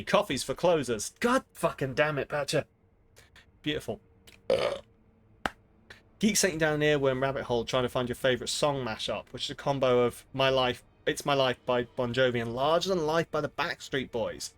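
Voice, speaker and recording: With game music audible behind him, a man chats through a gaming stream, self-deprecating and swearing often as he rambles. He speaks at medium pitch and a moderate pace, with a fairly bright tone.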